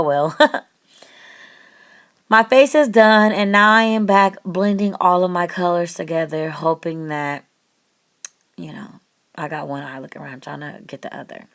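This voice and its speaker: A woman narrates her makeup tutorial in a relaxed, chatty voice-over with a slightly low pitch. She sounds upbeat and chuckles often. She talks to her viewers as if they were friends. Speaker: beauty vlogger.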